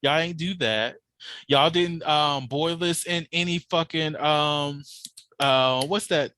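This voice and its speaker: A man hosting a podcast in casual chat, telling animated, profane stories and laughing often. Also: on the high side, slow pace, clean tone, no room sound. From Georgia, USA. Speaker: podcast host.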